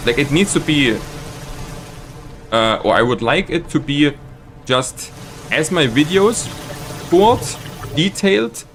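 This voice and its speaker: Animated streamer ranting at his chat. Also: background noise. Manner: exasperated, ranting at chat with lively swings of pitch. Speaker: live streamer. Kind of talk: casual gameplay commentary.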